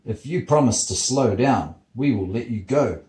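A man's voice: medium pitch, animated, normal speed, a little mellow, reverberant, pitched above the performer's own voice, close to an everyday voice. A man voicing Maui, a determined young male hero, speaking in firm, commanding lines in a bedtime storybook.

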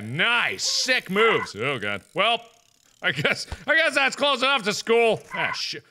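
A young man giving loud, jokey let's-play commentary, swinging between deep mutters and high yelps. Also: very animated, unhurried. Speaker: gaming video host.

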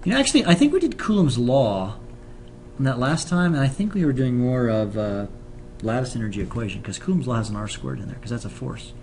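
A man's voice: mid-range voice, lively intonation, a little fast, darkish tone, slight background noise. Casual male chemistry teacher. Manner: casual and joking, explains with fillers and restarts. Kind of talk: classroom lecture video with banter.

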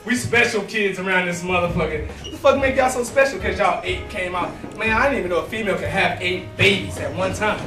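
A man's voice: high-pitched, brisk, few pauses, reverberant, distant mic, music in the background. A man doing a crude, rambling stand-up comedy set in a small, nearly empty club, laughing at his own jokes.

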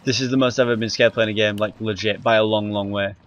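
A man's voice: on the low side, fairly even intonation, fast talker, fairly bright tone, lo-fi sound. A man commentating a horror game he is playing, easily scared, swearing and yelping often, recorded on a handheld camera mic. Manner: jumpy, scared, swearing, frequent sudden yelps. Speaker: gaming YouTuber.

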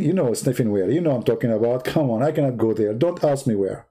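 A man hosting a livestream, retelling a story in a mocking, animated way and speaking broken, non-native English. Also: fast, few pauses, breathy edge. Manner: mocking, animated storytelling with big pitch swings. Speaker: livestream host. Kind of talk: casual livestream commentary.

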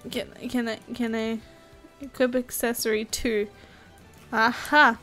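A young woman with a high voice chats her way through a video game, excitable and quick to squeal at every surprise. Faint game music plays under her commentary. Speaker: gaming YouTuber. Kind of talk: casual gameplay commentary.

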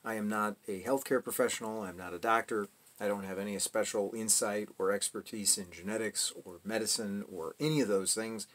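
Man, channel host, fairly low pitch, explanatory talk to camera, measured, self-correcting. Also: steady tone, fairly bright tone. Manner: measured, careful, adds caveats and self-corrections.

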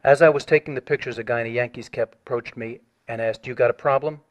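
A man reading out a written complaint on a phone call, measured and formal, turning insistent when pressed. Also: medium pitch, fairly even intonation. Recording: dull lo-fi audio.

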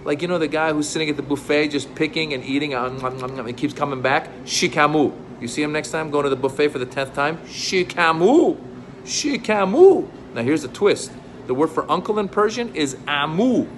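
A man's voice: a little high, fairly quick, a little hiss or hum. A middle-aged man who is a comedian, explaining words in a comic way and acting out exasperated outbursts. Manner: animated, acts out exasperated outbursts.

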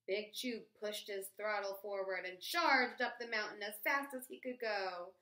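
A woman reading a picture book aloud to children in a gentle, expressive, sing-song way. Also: medium pitch, a little slow, hardly any pauses. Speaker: children's storyteller. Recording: echoey room.

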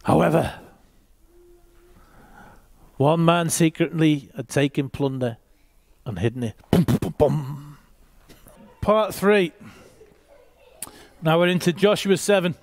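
A man's voice: fairly high pitch, slow, gravelly, long pauses, no room sound. A man reading a Bible passage aloud and teaching, with short asides to his listeners.

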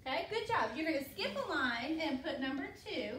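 A woman's voice: sits high, lively intonation, a little fast, fairly bright tone, a little hiss or hum. Female classroom teacher, encouraging and patient, recorded far off in a roomy space. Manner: patient, encouraging, call-and-response questioning. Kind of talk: classroom phonics lesson.

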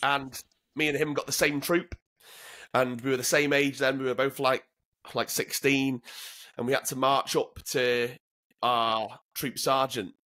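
In a medium-pitched, pushed and bright voice with a level tone, a Northern English former commando speaks a little slowly. As an interview guest he shares blunt stories packed with swearing, casually told, frequently repeating words at the start.

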